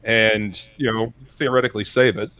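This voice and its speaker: A man's voice: lowish voice, steady tone, moderate pace, sharp tone, smooth. A man co-hosting a casual live stream, joking and swearing in easy banter. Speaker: stream co-host. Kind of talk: casual chat.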